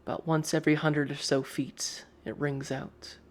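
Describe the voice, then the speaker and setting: A man's voice: a little high, flat delivery, moderate pace, slight background noise. A man narrating a tabletop game as game master, describing scenes in the second person. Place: live stream.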